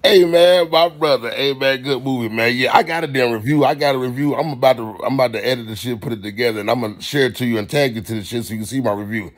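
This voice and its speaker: A man rambling casually through a profane movie review, swinging into loud animated rants. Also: medium pitch, racing, few pauses.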